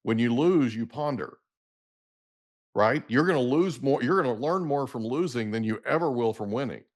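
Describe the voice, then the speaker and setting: A middle-aged man hosts a podcast at a mid-range pitch. He sounds eager and keeps affirming what his guest says in easy conversation. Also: lively intonation, moderate pace. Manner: enthusiastic, affirming interviewer. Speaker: podcast host. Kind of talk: casual interview chat.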